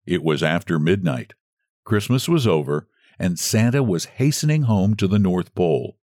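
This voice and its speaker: A man narrating a children's story aloud in an expressive reading. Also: low-pitched, normal speed, no echo, clean studio sound.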